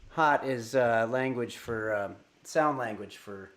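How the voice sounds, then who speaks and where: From his desk microphone at home, a man chats through a casual livestream, rambling and reading viewer messages aloud with many fillers. His mid-range voice moves at a measured pace with few pauses, and the sound is roomy.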